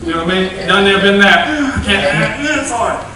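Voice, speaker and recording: A young man delivers a folksy, animated youth sermon in a high voice. He sounds distant from the mic, his words bouncing around a very echoey church. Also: moderate pace, a crowd in the background. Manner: animated, folksy storytelling with playful asides. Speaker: youth revival speaker. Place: church sanctuary.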